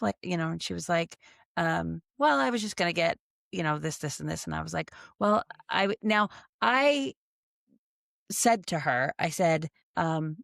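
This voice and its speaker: Creaky-voiced woman podcast co-host. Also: medium pitch, dry recording, clean studio sound. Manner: storytelling, acting out both sides of a conversation. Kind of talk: casual chat.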